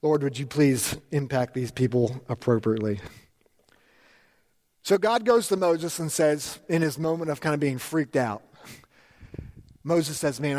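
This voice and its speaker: High-pitched pastor guy preaching, super animated, acts out the quotes, long echo like a big church hall. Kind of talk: sermon.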